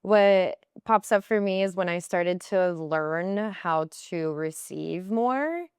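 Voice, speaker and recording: A woman talks through her own stories on a podcast, her voice fairly low but smooth and clear. She often jumps up into high, playful voices to quote herself and friends. The sound is dry and close to the mic. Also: takes it slowly, no echo. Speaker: podcast guest. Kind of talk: conversational interview storytelling.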